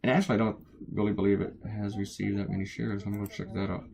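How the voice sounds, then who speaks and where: Tired, gravelly-voiced man rambling. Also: on the low side, flat delivery, fast, a little mellow. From United States. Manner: rambling, wandering off topic. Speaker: cartoonist. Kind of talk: casual chat while drawing.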